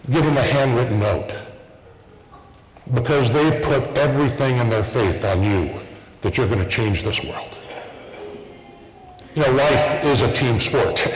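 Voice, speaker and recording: A middle-aged man giving a commencement speech at a podium, telling stories in a folksy way with repeated starts. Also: medium pitch. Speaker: commencement speaker. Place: large hall at a graduation ceremony. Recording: echoey hall with long reverb.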